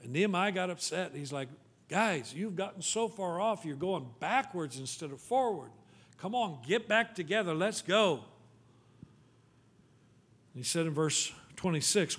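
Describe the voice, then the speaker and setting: A male pastor preaches with urgency, pressing his listeners with pleading questions. When he reads scripture, his voice sinks into a low, quiet tone. He speaks in a fairly high register. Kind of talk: sermon.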